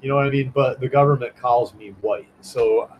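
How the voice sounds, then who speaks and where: A man's voice: medium pitch, steady tone, moderate pace, darkish tone, slight background noise, poor audio. A man chatting casually on a livestream as a comic artist, rambling and swearing, with many restarts and fillers.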